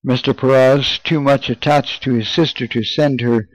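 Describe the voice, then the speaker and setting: A man reading an old first-person memoir aloud in a measured, solemn way. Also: medium pitch, fairly even intonation, no room sound, low-quality recording. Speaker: reader. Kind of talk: audiobook narration.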